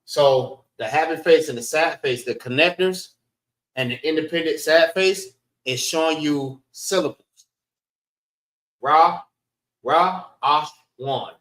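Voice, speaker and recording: A man's voice: on the high side, moderate pace, echoey room, far from the mic. A man teaching a language class, patiently breaking words into syllables for his students. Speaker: class instructor.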